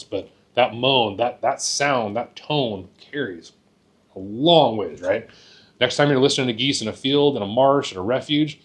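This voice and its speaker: Easygoing man teaching goose calls. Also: medium pitch. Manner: folksy, repeats words, frequent "right?". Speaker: goose calling instructor. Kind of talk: casual instructional talk.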